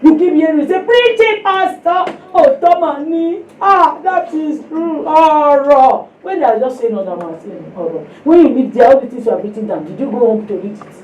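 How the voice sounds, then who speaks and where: A woman's voice: high-pitched, lively intonation, fairly quick, hardly any pauses, darkish tone. A Nigerian woman preaching a sermon at a women's fellowship. She tells stories with sound effects, drops in Yoruba phrases and exhorts the listeners directly. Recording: echoey room, distant mic, faint noise.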